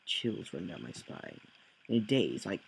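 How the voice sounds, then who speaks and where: A man's voice: low voice, big pitch swings, measured pace, gravelly, a little hiss or hum, poor audio. A man reading a text game aloud, with slips, corrections and jokey asides. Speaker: let's play host.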